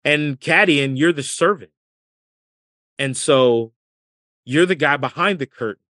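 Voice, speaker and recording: A man and former caddie and comedian, telling lively stories as a podcast guest and laughing as he goes. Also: a little high, measured pace, no room sound, clean studio sound. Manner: lively storyteller, laughs through his anecdotes. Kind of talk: casual storytelling interview.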